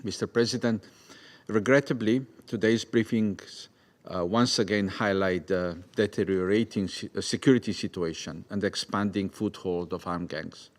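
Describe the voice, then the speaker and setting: Man, low voice, council delegate, formal address, some hesitations. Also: fairly even intonation, normal speed.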